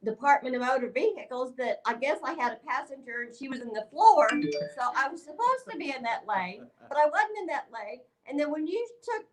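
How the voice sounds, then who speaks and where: A woman's voice: high voice, animated, a little fast, few pauses, recorded from a distance. A woman, a guest on a live stream, chatting in a playful, drawling, affectionate way. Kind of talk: casual video-call chat. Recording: noisy call audio.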